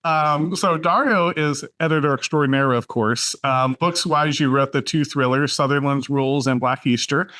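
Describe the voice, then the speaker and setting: A man hosting a casual podcast chat, loose and chatty, laughing often and filling pauses with "um". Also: fairly high pitch, bright, forceful tone. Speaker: podcast host.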